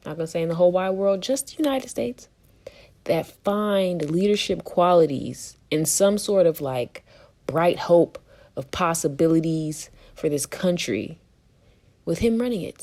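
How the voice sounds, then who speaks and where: Low-voiced woman ranting casually. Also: expressive, normal speed, dark tone. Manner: candid, profane, exasperated, laughs often. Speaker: podcast co-host. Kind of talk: casual opinion chat.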